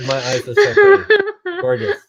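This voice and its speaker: A vain little unicorn pony, squeals way up high and far above his own voice. She gushes over her own looks in a shrill, melodramatic whine. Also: fairly even intonation, moderate pace, muffled recording, crowd noise. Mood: vain, gushing.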